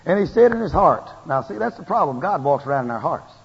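Folksy preacher on old hall tape. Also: male voice, fairly high pitch, fast, slightly rough. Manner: folksy, animated preaching with rising emphasis. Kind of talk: sermon. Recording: lo-fi tape with long hall reverb.

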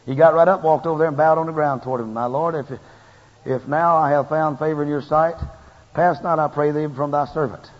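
Folksy preacher on old hall tape. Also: male voice, fairly high pitch, a little fast. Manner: folksy, animated preaching with rising emphasis. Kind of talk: sermon. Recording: lo-fi tape with long hall reverb.

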